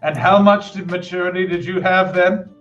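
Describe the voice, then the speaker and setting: A man's voice: high-pitched, steady tone, normal speed, a bit bright. A man with a slightly raised voice jokes in a profane, mock-grandiose tone, often turning the joke on himself. His sound is muffled and dull, with faint music running behind. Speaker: co-host. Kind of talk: comic banter.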